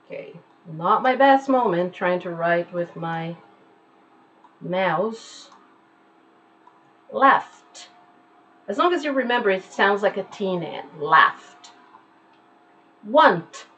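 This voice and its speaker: Slow, patient woman teaching pronunciation. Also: medium pitch, lively intonation, lo-fi sound, a little hiss or hum. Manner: slow, patient, repeats words to demonstrate sounds. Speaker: English teacher. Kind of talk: online pronunciation lesson. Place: at home.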